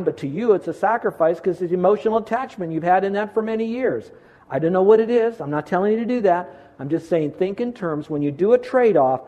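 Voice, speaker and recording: A man preaching a sermon as pastor, earnest and measured, slowing down to stress key lines. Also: sits high, a little mellow, muffled recording. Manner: earnest, preacherly, slows down for emphasis.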